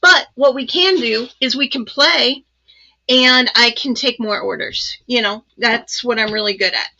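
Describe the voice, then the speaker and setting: A woman hosting a casual live crafting demo, chatty and excited, with many ums and asides. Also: a little high, unhurried, lo-fi sound. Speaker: crafting channel host.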